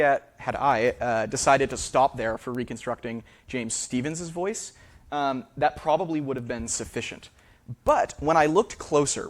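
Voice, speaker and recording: A man, a linguist, giving a public lecture in a theater, hesitant and full of fillers and restarts. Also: mid-range voice.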